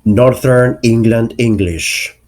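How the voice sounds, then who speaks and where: A man's voice: mid-range voice, slow, darkish tone. A man teaching an English pronunciation lesson, carefully enunciating each example word.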